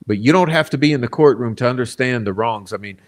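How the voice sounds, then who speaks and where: A man's voice: mid-range voice, fast. Blunt, combative male crime commentator. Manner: blunt, combative, frequent "okay?" asides. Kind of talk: casual commentary reading quotes.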